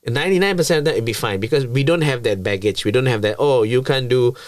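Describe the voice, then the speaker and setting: A man from Malaysia chatting as a comedian guest, with a mid-pitched voice that lifts and gets louder when he is worked up. He stumbles over repeated words as he builds his point. The recording is dry and close. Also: lively intonation, rapid-fire, dry recording. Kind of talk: casual podcast chat.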